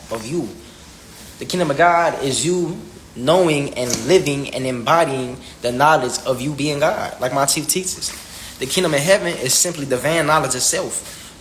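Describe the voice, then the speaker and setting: A man's voice: fairly high pitch, a bit bright, slight background noise, low-quality recording. A young man in a casual spiritual rant, preachy and repetitive, full of slang and asking "you feel me?". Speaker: vlogger.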